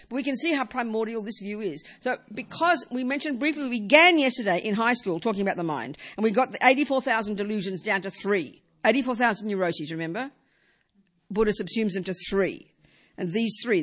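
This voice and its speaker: A woman teaching Buddhism to a live audience in a hall, lively and joking, repeating words for emphasis. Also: mid-range voice.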